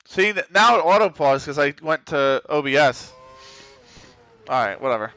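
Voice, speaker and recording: A man's voice: fairly high pitch, expressive, moderate pace, sharp tone. A man streaming a racing game live, chatting to himself in casual commentary, swearing and grumbling as he drives. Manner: muttering to himself, swearing, frustrated laughs.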